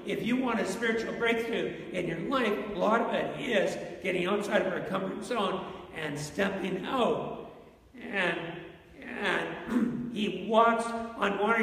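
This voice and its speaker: High-voiced preacher in an echoey hall. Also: male voice, a bit bright, distant mic. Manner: conversational preaching with rhetorical questions to the congregation. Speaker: pastor. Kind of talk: sermon. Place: church sanctuary.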